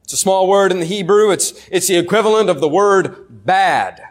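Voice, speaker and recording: Man, preacher, sermon, earnest, slightly high voice, probing questions. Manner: earnest, questioning the congregation, slowing on key words.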